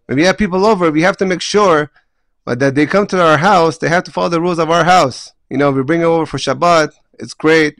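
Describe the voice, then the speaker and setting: A man's voice: a bit bright, dry recording. A man giving a weekly Torah lesson as a rabbi, speaking with passion and acting out the people he quotes. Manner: impassioned, acts out quoted voices with rising pitch.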